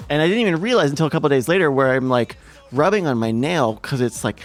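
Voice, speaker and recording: A man's voice: mid-range voice, animated, fast, faint music behind. A man hosting a livestream, calling marble races and drifting into rambling, self-mocking stories full of restarts. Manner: playful, self-mocking storyteller. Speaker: marble race commentator and stream host. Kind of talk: casual livestream race commentary with rambling asides. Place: home streaming setup with a ring light.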